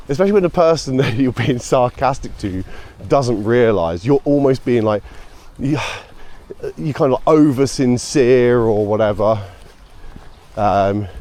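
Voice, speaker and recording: A man's voice: lowish voice, warm tone. A British man chatting casually to camera while out walking his dog, rambling, with sarcastic asides. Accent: British English. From United Kingdom. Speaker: vlogger.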